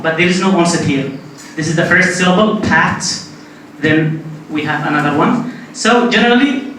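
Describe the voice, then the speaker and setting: A man's voice: high voice, fairly bright tone. A man whose first language is Arabic gives a linguistics lecture in a classroom, explaining step by step and repeating key points. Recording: very echoey room, distant mic, faint noise.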